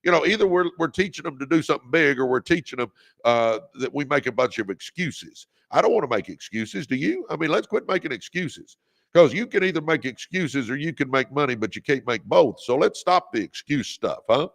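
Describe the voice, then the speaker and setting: Man host, gravel in the voice, preachy motivational livestream delivery. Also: a little high, lively intonation, a little fast. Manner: preachy, exhorting, leads call-and-response; reads out viewer comments. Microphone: phone or webcam on a livestream.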